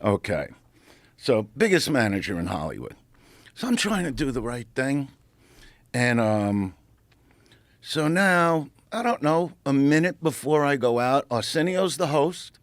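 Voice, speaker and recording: A middle-aged man, a comedian telling a profane, animated story on a podcast. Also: mid-range voice, a little slow, no echo. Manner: animated, profane, acts out quotes. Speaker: comedian guest.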